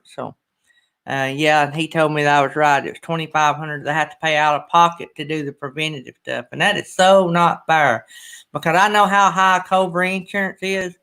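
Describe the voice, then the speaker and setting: Middle-aged man, host of a folksy morning live chat, rambling and emotional, bright lifted voice. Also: a little high. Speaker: channel host. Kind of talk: casual livestream chat.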